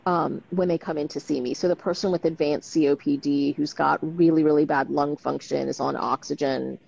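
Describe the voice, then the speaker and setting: A woman's voice: sits low, steady tone, brisk, gravelly, a little mellow, slightly rough. A woman doctor talking frankly and animatedly on a live stream, often ending with tag questions. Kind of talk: casual conversation on a live stream. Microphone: video call. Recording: dull lo-fi live stream audio.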